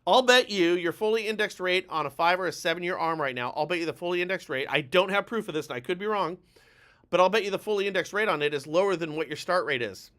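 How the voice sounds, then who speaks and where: A man hosts a live-streamed coaching talk and hammers his points home with emphatic urgency. His voice sits high and sounds bright and sharp. He is blunt and lets the odd curse slip. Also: quick pace. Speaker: mortgage lender and show host.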